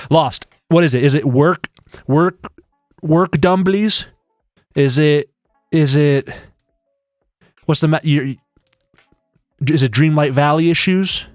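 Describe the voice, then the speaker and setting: Male streamer, loose rambling chat, dry close mic, soft music underneath. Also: on the high side, takes it slowly, long pauses, dry recording. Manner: rambling, jokey, many restarts. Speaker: live streamer. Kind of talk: casual live-stream chat.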